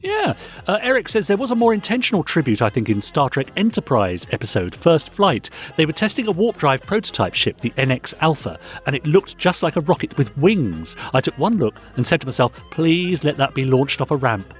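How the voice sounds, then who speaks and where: A man's voice: a little high, big pitch swings, brisk, soft background music. A man hosting a podcast, playfully reading out listener messages in casual chat. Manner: playful, upbeat reading aloud. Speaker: podcast host.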